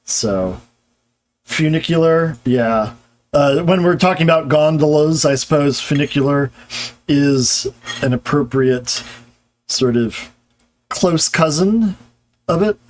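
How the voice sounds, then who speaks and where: Slightly high-voiced man lecturing on grammar. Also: slow pace, long pauses. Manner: conversational, many fillers and restarts. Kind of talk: live-streamed lecture, answering chat.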